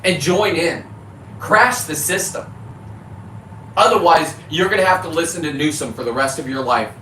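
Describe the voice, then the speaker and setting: Male fisherman vlogger from California, heated profane monologue, forceful bright tone, distant echoey mic. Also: fairly high pitch, normal speed. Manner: heated, profane, self-correcting about cussing. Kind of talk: ranting monologue to camera. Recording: echoey, distant mic with faint background noise.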